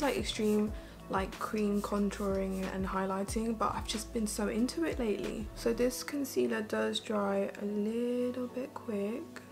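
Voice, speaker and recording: Gravelly and medium in pitch, this woman's voice carries a casual get-ready-with-me chat. As a beauty vlogger she rambles through her makeup for her viewers, filling every pause with "like."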